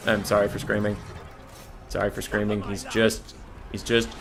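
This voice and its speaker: A man's voice: on the low side, monotone, normal speed, vocal fry. A young man commentating his own strategy game match, sarcastic and profane, sometimes breaking into outbursts at his units. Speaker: gamer streamer. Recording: faint game music behind.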